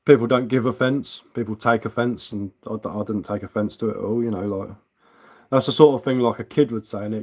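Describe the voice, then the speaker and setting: A man's voice: on the low side, steady tone, brisk, a little mellow. A man from England hosting a casual livestream as a woodcarver, rambling bluntly and swearing casually while answering viewers. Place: indoors at home.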